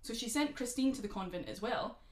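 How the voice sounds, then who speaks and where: A woman's voice: fairly high pitch, animated, a little fast, echoey room. A woman casually telling a grim true story to a friend, sarcastic and swearing, sipping gin as she goes. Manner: sarcastic, swearing, dark humor. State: drinking gin. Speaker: podcast co-host telling a true crime story.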